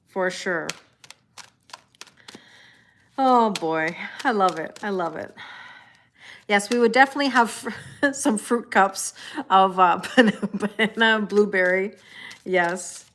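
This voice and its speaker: A woman's voice: medium pitch, measured pace, long pauses, a bit bright, a little hiss or hum. A woman hosting a live tarot stream, chatting casually with viewers, joking and greeting them by name.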